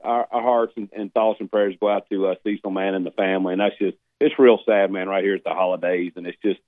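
Folksy caller on a tinny phone line. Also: male voice, low voice, steady tone, fast, no room sound. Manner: folksy, rambling, says man a lot. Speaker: radio caller. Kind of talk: phoned-in chat.

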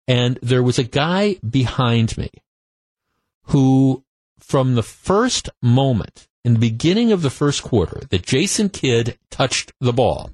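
A man's voice: medium pitch, dry recording. A man hosting a talk radio show, telling a story in a conversational monologue full of restarts, on a studio microphone.

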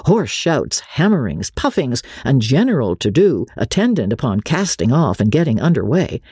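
Male audiobook narrator, mellow husky tone, animated pitch, expressive literary reading. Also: no room sound, studio quality.

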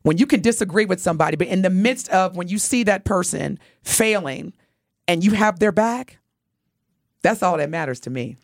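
A woman's voice: fairly low pitch, expressive, moderate pace, no room sound, clean studio sound. A woman co-hosting a radio talk show, telling a story in an earnest, heartfelt way. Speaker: radio co-host.

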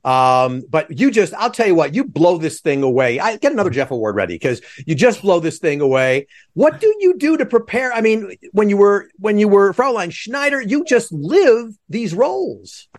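A man's voice: high voice, very animated, moderate pace, hardly any pauses. A man hosting a video-call interview podcast, asking long, rambling, chatty questions. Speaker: podcast host.

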